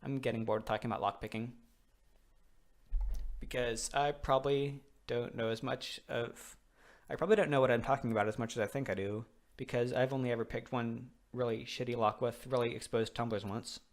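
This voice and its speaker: A man's voice: medium pitch, fairly even intonation, fairly quick. Rambling young man gaming. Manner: rambling, loose, swears casually. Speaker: let's play host. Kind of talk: casual gameplay commentary.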